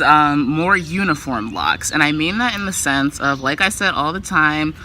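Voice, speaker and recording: A woman's voice: low-pitched, expressive, moderate pace, hardly any pauses, sharp tone, slight background noise. A woman vlogger talking in a casual, loose way, full of filler words. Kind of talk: casual vlog chat.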